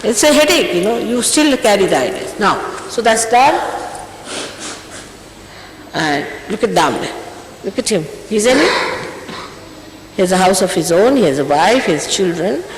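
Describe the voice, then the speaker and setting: A woman's voice: medium pitch, sing-song, moderate pace, pauses often. An older woman, a spiritual teacher, giving an emphatic, scolding talk to her followers before a ceremony, often repeating herself. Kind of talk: informal exhortation before a ceremony. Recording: echoey hall, faint hiss, old tape.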